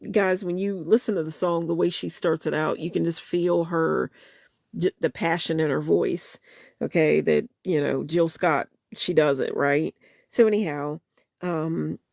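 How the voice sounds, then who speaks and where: A woman's voice: low voice, vocal fry, a little mellow, no echo, studio quality. A woman hosting her channel, chatting casually and rambling, often repeating and restarting her phrases. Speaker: channel host. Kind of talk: casual livestream chat, reading lyrics.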